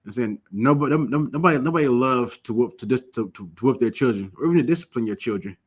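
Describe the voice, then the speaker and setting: A man teaching a religious class, emphatic and repetitive, often asking the listeners questions and telling lively stories. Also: mid-range voice, quick pace, husky. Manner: lively storytelling.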